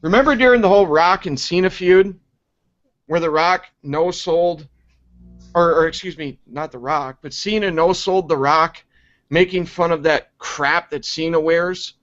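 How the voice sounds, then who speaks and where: A man reviewing wrestling in a profane, exasperated rant, sarcastic and quick to mock. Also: a little high, a bit bright. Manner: sarcastic and exasperated, heavy swearing. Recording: dull lo-fi recording.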